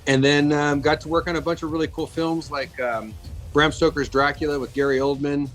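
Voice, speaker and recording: Man, 50s, interview guest; chatty, rambling delivery with fillers, fairly high voice, faint music underneath. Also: steady tone, a little fast, a bit bright, low-quality recording. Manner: chatty, many fillers and restarts. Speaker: guest, makeup effects artist. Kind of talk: casual interview storytelling.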